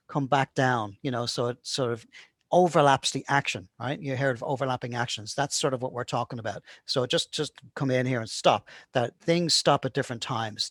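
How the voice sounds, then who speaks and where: A man's voice: medium pitch, fairly bright tone, no echo, clean studio sound. A man explaining his animation polishing process in a casual tutorial, often checking in with "right?". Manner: casual, keeps asking "right?". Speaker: animation instructor. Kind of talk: screen-recorded tutorial talk.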